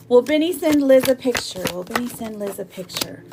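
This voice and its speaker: A woman with a slightly high voice hosts a live tarot stream. She talks to viewers in a warm, chatty way, laughing often and reading their comments aloud between card pulls. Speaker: tarot reader.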